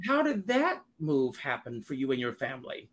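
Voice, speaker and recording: A middle-aged man from South Carolina hosts a casual show over a video call. He talks upbeat and effusive, with frequent fillers, and his pitch rises and falls a lot as he speaks. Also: wildly swooping pitch, normal speed, fairly bright tone. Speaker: host.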